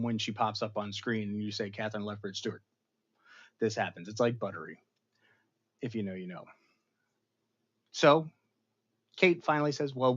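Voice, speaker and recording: A man runs a laid-back episode recap stream about pop culture, retelling the show with meandering enthusiasm and big leaps in loudness and pitch. High frequencies are missing from the audio.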